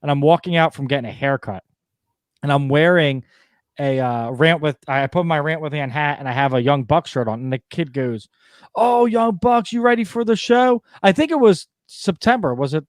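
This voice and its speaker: A man hosting a podcast, telling stories casually with laughs, swearing and quick impressions. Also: mid-range voice, expressive, no room sound. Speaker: podcast host.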